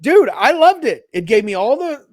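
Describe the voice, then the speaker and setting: A man co-hosting a podcast, chatting in an excited, rambling way. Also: extremely high pitch, normal speed, dry recording, studio quality. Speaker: podcast co-host. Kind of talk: casual chat.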